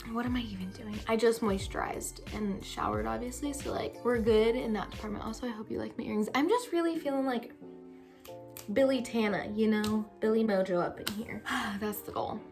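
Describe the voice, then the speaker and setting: A teenage girl vlogging a chatty get-ready-with-me, rambling and self-mocking, a little out of breath. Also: a little high. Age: teens. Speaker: beauty vlogger. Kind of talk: casual get-ready-with-me chat.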